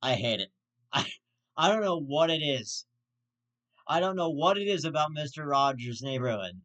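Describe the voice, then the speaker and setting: A man hosting his own vlog, ranting with constant swearing and sudden outraged jumps in pitch. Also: very animated, moderate pace, a bit bright. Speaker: host. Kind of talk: profane vlog rant.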